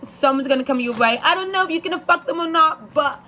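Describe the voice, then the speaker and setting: Girl putting on a pushy new york tarot lady, brash and pitched way up, talks fast and repeats herself. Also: pushed and bright, a little hiss or hum. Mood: brusque.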